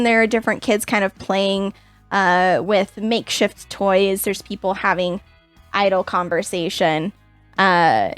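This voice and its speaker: A woman narrating as game master of a tabletop game, often pausing on fillers. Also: medium pitch, a bit bright, dry recording. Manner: halting, many fillers.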